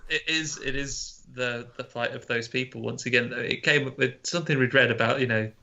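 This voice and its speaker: A man's voice: medium pitch, fairly quick, sharp tone, a little hiss or hum. A man, co-hosting a podcast and retelling a film scene by scene. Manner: storytelling, acts out quotes. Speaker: podcast co-host. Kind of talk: casual film discussion. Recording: dull lo-fi podcast audio.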